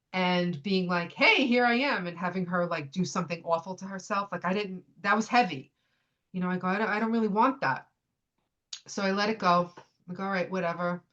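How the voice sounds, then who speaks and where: A woman in her fifties tells a personal story on a podcast. Her voice sits low, and she acts out other people's lines as she goes. The audio is a bit dull and lo-fi. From United States. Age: 50s. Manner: animated retelling, acts out what others said. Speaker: podcast guest.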